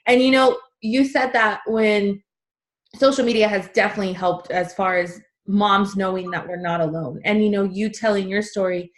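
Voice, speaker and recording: A woman hosting an interview, talking softly and conversationally, with many "like"s. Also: medium pitch, steady tone, normal speed. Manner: soft-spoken, frequent "like". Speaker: host.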